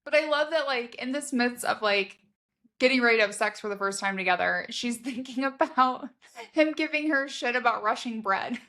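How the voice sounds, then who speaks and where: Animated woman co-hosting a book podcast. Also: a little high, normal speed. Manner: animated, laughs while reading. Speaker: podcast co-host. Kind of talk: casual book chat, reading passages aloud.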